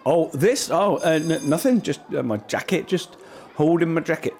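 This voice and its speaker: A man playing a flustered, excitable guitar teacher. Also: fairly high pitch, normal speed.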